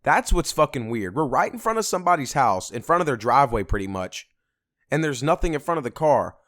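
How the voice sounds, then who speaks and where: A young man telling a story on a casual vlog, animated and swearing a lot. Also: mid-range voice, fairly quick, dry recording, clean studio sound. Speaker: vlogger.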